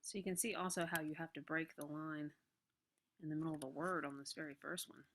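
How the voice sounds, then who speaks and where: A woman teacher walks through a worksheet in a patient, step-by-step way. Her voice sits low in pitch but has a bright, forward edge. She keeps checking in with her listeners as she goes. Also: steady tone, quick pace, slight background noise. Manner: patient, step-by-step explaining with many okays. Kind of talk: recorded classroom lesson walkthrough.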